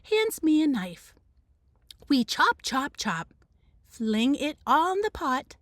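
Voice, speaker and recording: A woman, a teacher, reading the first chapter of a children's novel aloud in an expressive storybook manner. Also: high voice, takes it slowly, dry recording.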